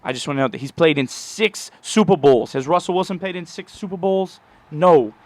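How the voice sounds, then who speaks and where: A man voicing a loud male sports fan with a Boston accent, ranting insistently. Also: a little high, a little fast, dry recording, pitched above the performer's own voice, natural voice.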